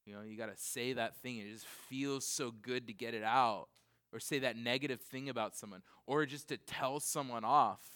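Bright-voiced chatty male preacher. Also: mid-range voice, fairly even intonation, clear, resonant tone. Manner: rambling, full of "like" and "you know"; acts out quick asides in other voices. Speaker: pastor. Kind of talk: conversational sermon. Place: church, in front of a congregation. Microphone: recorded for CD and computer.

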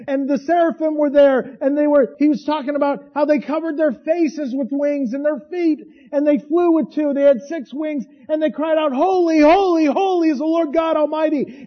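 A man preaching a sermon as pastor, swinging from hushed to loud. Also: very high voice, muffled recording.

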